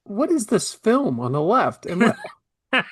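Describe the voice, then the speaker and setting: A man's voice: sits high, sing-song, a little slow, fairly bright tone, husky, no echo, clean studio sound. A man co-hosting a podcast, laughing and making mocking remarks in casual chat. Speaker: podcast co-host.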